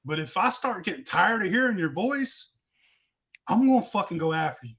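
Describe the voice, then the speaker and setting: High, bright-voiced rowdy storyteller man. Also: very animated, normal speed, husky, dull audio. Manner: rowdy, swears constantly, laughs mid-story. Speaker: podcast host telling stories. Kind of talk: casual profane storytelling.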